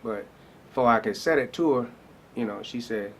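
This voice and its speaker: A man's voice: medium pitch, moderate pace, noisy background. Man telling his testimony. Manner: loose storytelling with many fillers and repeated words. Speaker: pastor and rapper. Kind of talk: casual personal testimony.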